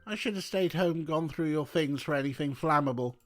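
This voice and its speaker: A man's voice: fairly high pitch, brisk, natural voice. A man voicing a cocky, cheeky young girl who is captain of a kids' team. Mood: scornful. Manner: bright, cheeky and excited.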